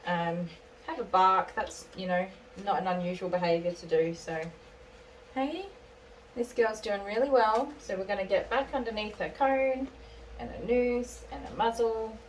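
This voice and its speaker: A woman dog groomer who calmly explains each step as she works and coos soothingly to the dog. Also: mid-range voice, normal speed. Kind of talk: narrating a grooming session on camera. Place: indoor grooming salon. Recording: distant voice with clipper and dog noise.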